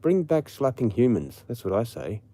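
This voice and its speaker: A man's voice: mid-range voice, very animated, normal speed, warm tone. A man with an Australian accent, ranting casually and profanely on a late-night livestream. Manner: profane, rambling. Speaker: livestream host.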